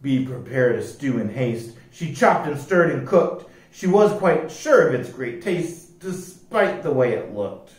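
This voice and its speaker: A man reading picture books aloud as library storyteller, with a slow, lively rhyming delivery. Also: medium pitch. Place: library room. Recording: echoey room, distant mic.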